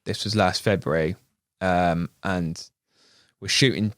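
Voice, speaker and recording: An English man with a fairly low voice tells an animated story on a podcast, full of asides and put-on voices. The mic is close and the sound is dry. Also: takes it slowly, no room sound. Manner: animated anecdote teller, laughs, mimics voices. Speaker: videographer. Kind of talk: casual storytelling chat. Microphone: studio podcast mic.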